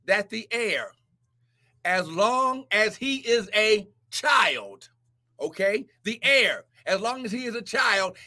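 A male preacher delivering a fiery sermon and prophecy, shouting, whooping, and calling out "listen" and "glory" again and again. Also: high voice.

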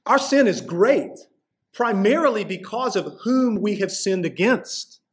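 A man pastor preaching a sermon in a conversational way, slowing down to stress key lines. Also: high-pitched, expressive. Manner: conversational preaching, slows for emphasis.

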